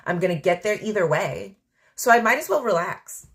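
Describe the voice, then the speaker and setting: A woman's voice: medium pitch, lively intonation, normal speed. A woman hosting a podcast, talking through her thoughts in a rambling, candid monologue full of fillers. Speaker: podcast host. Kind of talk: casual reflective monologue.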